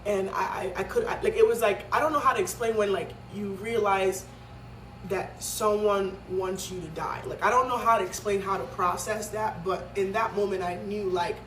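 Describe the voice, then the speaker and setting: A woman's voice: mid-range voice, normal speed, a bit bright, slight background noise. A woman from Nigeria telling a story in a vlog, dramatic and emphatic, with many fillers. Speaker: vlogger. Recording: echoey room, mic at a distance.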